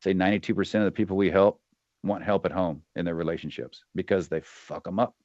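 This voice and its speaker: A man's voice: sits low, fairly even intonation, fast talker, darkish tone, dry recording, dull audio. A middle-aged man and retired soldier talking bluntly and with profanity as a podcast guest, often acting out quoted voices. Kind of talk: candid interview talk.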